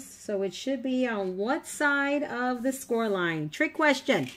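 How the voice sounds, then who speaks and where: A woman's voice: high-pitched, lively intonation, takes it slowly, few pauses. A woman teaching a live online scrapbooking class in a chatty, encouraging way, teasing her viewers as she walks through each step. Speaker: scrapbooking instructor.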